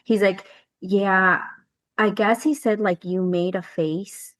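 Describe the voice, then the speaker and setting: A woman's voice: mid-range voice, fairly even intonation, slow pace, dry recording. Storytelling woman, dry close sound. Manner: storytelling, acting out dialogue, casual swearing. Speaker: podcast co-host. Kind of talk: casual chat.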